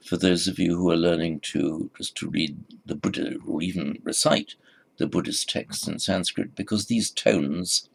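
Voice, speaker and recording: Male teacher, very low pitch, fry in the voice, halting lecture delivery, lots of ums. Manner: halting, repeats words, many fillers. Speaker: Sanskrit teacher. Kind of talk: recorded lecture.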